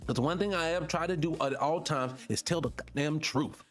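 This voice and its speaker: With faint music in the background, a man hosts a morning talk show at a normal speed, reacting to clips with casual commentary. He's emphatic, blunt, and profane, his pitch swinging up when he makes a point.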